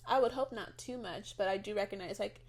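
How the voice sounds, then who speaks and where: A woman's voice: medium pitch, brisk. A woman hosting a podcast, chatting casually and candidly with a friend and acting out quoted voices in a playful way. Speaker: podcast host. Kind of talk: casual chat.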